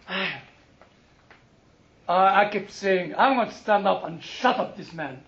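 Man, sermon, very high pitch, humorous storytelling, dull lo-fi recording. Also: slow, long pauses. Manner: animated, humorous storytelling with quoted exchanges. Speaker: preacher.

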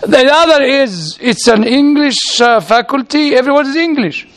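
A man's voice: extremely high pitch, lively intonation, normal speed, few pauses, a bit bright. A man who is a lecturer and chaplain tells humorous anecdotes in a chatty way. He acts out the dialogue he quotes. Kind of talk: anecdotal storytelling talk.

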